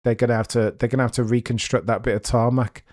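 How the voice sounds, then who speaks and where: A young man streaming live race commentary, chatty and animated, with excited bursts and muttered asides. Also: medium pitch, fast talker, dry recording, studio quality.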